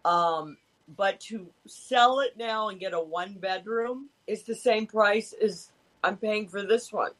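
A woman's voice: mid-range voice, slow, a bit bright, low-quality recording. A woman in her fifties chatting in a rambling way over a video call. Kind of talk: casual chat.

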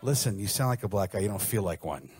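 A man voicing his wife, a blunt woman who speaks loudly. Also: on the low side, lively intonation, fast talker, background noise, close to an everyday voice. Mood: exasperated.

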